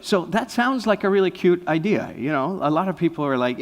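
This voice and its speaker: A man's voice: fairly high pitch, quick pace, few pauses. Man telling stories in a reverberant hall. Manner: lively storyteller, often asking "right?". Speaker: guest speaker. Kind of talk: anecdotal inspirational talk. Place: spiritual center hall. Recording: long reverb of a large hall.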